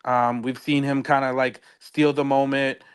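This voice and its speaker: A man's voice: mid-range voice, flat delivery, a little slow, clean tone. A man co-hosting a podcast, chatting casually about a reality show, rambling and searching for words with many fillers. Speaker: podcast co-host.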